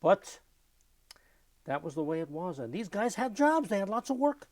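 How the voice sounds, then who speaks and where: An older man giving an oral history interview, telling lively anecdotes and mimicking music with his voice. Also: high voice, moderate pace, no room sound.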